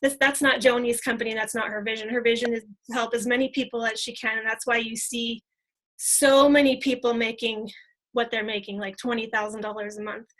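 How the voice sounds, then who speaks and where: A woman leading a casual team training talk, excited and chatty, full of fillers. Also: a little high, brisk, poor audio. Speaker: team leader.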